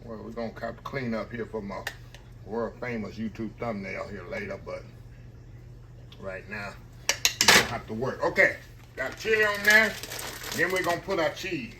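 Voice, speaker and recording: A man's voice: fairly low pitch, moderate pace, long pauses, background noise. A middle-aged man, chatting folksily to his viewers as he cooks at home. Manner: folksy, chatty, talks straight to viewers as y'all. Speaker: cooking vlogger. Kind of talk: casual cooking vlog. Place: home kitchen.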